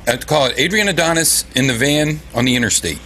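Bright, mid-pitched male co-host. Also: animated, a little fast, slight background noise. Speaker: podcast co-host. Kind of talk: casual chat.

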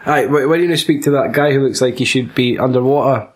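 A man's voice: medium pitch, fast talker. A man with a Scottish accent in casual, crude, joking film chat, swearing freely. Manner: crude, sweary, jokey banter.

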